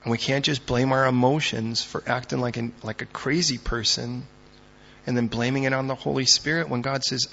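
A man preaching a sermon as a pastor, dramatic, swinging from loud emphatic lines to hushed ones. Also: mid-range voice, fairly even intonation, normal speed, gravelly, dull audio.

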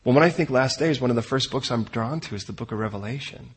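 A man preaching a sermon in an animated way, acting out the voices of the people he quotes. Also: mid-range voice, fast talker, slightly rough. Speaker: pastor.

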